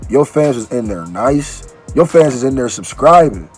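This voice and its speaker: A man's voice: mid-range voice, very animated, normal speed, soft background music. A man who is a musician, chatting loosely in slang for a reaction video, groggy from allergy medicine and restarting his sentences. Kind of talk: casual reaction video chat.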